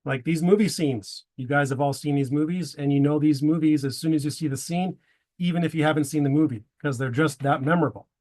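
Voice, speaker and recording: A man's voice: a little high, fairly quick, darkish tone. A man giving a prepared presentation to a men's group, slipping wry dad jokes between his tips.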